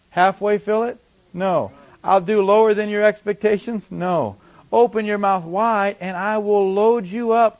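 A man preaching a sermon, reading scripture slowly and then explaining it in a conversational way with rhetorical questions that build to emphatic peaks. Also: high-pitched. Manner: reads scripture slowly and deliberately. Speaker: pastor.

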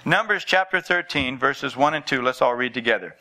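A man preaching a sermon as pastor of his church, speaking with repetition and building to an emphatic pitch. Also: animated, fairly quick, hardly any pauses, bright, forceful tone, rough recording. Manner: preaching with rising intensity and repetition.

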